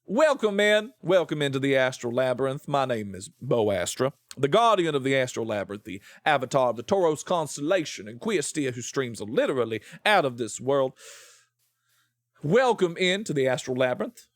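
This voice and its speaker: A man's voice: medium pitch, sing-song, normal speed, dry recording, natural voice. A man doing Benoit Blanc, drawling Southern sleuth. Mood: welcoming. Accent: exaggerated Southern US. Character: genteel drawling male Southern detective.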